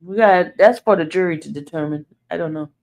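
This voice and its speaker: A woman hosts a casual livestream, talking directly to her viewers and reading their comments aloud. Her voice is lowish, creaky and somewhat dark, and she speaks fairly quickly.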